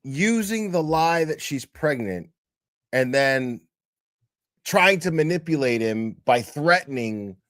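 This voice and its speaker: A man talks slowly and loosely, reacting to a court video and swearing freely. His voice sits a bit high for a man, and the sound is dry and close with no room around it. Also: lively intonation, a bit bright, dry recording. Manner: blunt, swears a lot, rambling with many fillers. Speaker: commentary host. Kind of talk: casual profane reaction commentary.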